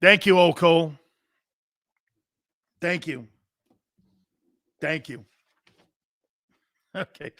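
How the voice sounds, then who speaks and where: Brash, high-voiced man hosting a sports show. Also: dry recording, clean studio sound. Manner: brash, loud, joking, quick shout-outs. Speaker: sports talk show host. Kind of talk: casual talk show, reading live chat.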